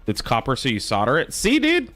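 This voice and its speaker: A man's voice: medium pitch, fairly quick, faint music behind. Profane, joking male streamer host. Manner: profane, jokey, bursts into loud excited laughter. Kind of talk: casual chat during a live game stream.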